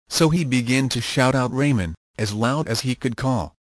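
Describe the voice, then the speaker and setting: A man reads an old-fashioned children's story aloud at a steady, measured pace. His voice is mid-pitched and ordinary in tone. The recording is dry and close, with no room sound. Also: no room sound. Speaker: narrator. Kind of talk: audiobook narration of a children's story.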